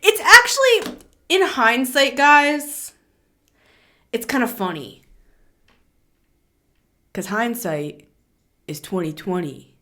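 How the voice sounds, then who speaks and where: A woman giving a casual, chatty tarot reading to camera, animated and quick to laugh. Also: fairly high pitch. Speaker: tarot reader.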